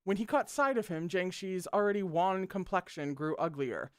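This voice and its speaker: A read-along host reads a novel aloud, expressive and breaking off for joking asides. The voice is smooth and clear, mid-pitched, in a dry, close recording. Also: normal speed, hardly any pauses, dry recording.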